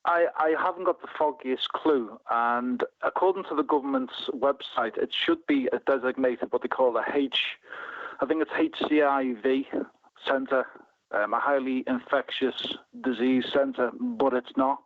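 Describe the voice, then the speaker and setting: A man's voice: medium pitch, fairly even intonation, measured pace, dry recording. A man with a Merseyside accent calling into a radio show, talking in a wry, rambling, casual way. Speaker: caller. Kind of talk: phone-in chat. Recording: narrow phone line.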